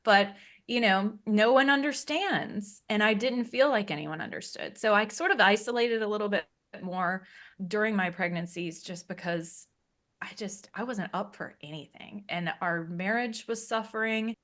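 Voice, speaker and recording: A woman's voice: medium pitch, normal speed, a bit bright. A woman speaking as an interview guest, telling her own story frankly and conversationally and laughing often. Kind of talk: candid personal story.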